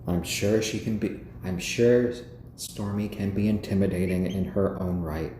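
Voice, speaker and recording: A man hosting a casual home live stream, gently cooing to his pet chickens and chatting with viewers. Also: sits low, fairly even intonation, unhurried, echoey room, background noise. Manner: chatty, answers viewers' comments.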